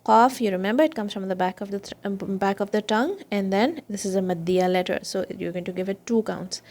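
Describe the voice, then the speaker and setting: A woman teaches children Quran recitation in a patient, measured way. She breaks each word into its sounds and repeats it slowly so young learners can follow. Her voice sits at an ordinary middle pitch for a woman. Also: darkish tone. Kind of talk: children's Quran and tajweed lesson.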